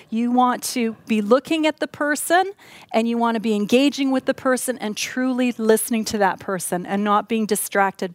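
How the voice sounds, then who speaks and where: A woman giving a measured, instructive teaching talk as a Bible teacher, walking through her points one by one. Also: a little high, no echo.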